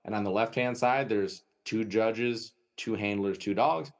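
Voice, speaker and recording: Low-voiced Wisconsin man telling stories. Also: unhurried. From United States. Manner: lively anecdotal storytelling, frequent "right?" tags. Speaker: guest, dog trainer. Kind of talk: storytelling interview.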